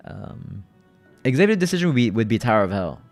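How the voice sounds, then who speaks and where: A man's voice: lowish voice, big pitch swings, fast talker, gravelly, a little mellow, soft background music. A man hosting a livestream, chatting casually with viewers in loose slang and often repeating his phrases. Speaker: livestream host.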